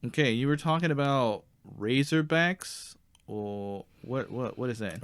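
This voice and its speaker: Sketch host as a polite, hesitant tourist; mid pitch, dry sound. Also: male voice, expressive, unhurried, clean tone, no echo. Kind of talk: comedy sketch.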